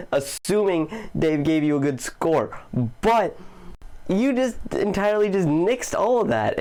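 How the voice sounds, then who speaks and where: A man's voice: a little high, darkish tone. A man hosting a casual video commentary. He talks in a goofy, loose, profane way and chuckles often. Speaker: commentary channel host.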